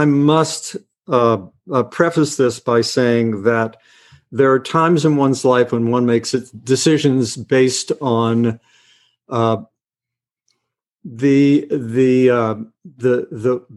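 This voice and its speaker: An older man, appearing as a guest actor, spins a long, easygoing anecdote in a mid-range voice. He stumbles through restarts and "uh"s while poking fun at himself.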